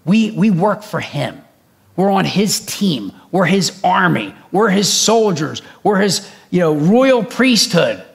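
High gravelly-voiced male preacher. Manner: fast, animated preaching with scripture readings. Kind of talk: sermon.

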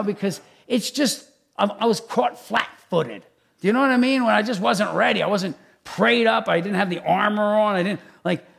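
A man who is a pastor, preaching a conversational sermon in an animated, chatty way with many asides. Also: sits high, vocal fry.

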